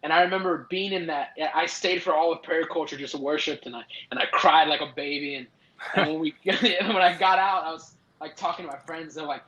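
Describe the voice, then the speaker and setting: A man's voice: on the high side, fairly quick, pushed and bright. Young man rambling in an echoey room. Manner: rambling, many "like" fillers and restarts. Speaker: podcast guest. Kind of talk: casual storytelling. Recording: echoey, dull lo-fi sound.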